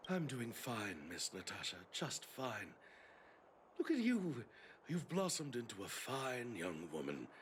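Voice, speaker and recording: A man's voice: medium pitch, wildly swooping pitch, a little slow, slight background noise. An actor voicing a kindly older male caretaker in a video game, speaking formally and reassuringly.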